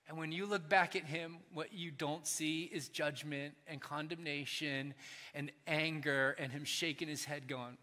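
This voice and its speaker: Bright-voiced pastor in a reverberant hall. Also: male voice, a little high, steady tone, measured pace. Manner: earnest, swinging from emphatic to hushed and soft. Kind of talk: sermon.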